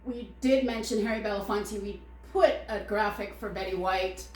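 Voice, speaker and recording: A woman's voice: medium pitch, moderate pace, echoey room, over music. A woman co-hosting a casual talk show, chatty and self-deprecating, often trailing off mid-thought. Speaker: co-host. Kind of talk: casual chat. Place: studio.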